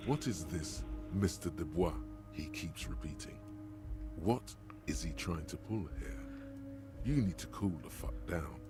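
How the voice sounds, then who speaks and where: A man's voice: sits low, expressive, a little slow. A man voicing the dramatic, mocking inner voice of a game's hero. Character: ominous deep male inner voice of the mind. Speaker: game narrator. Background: game music.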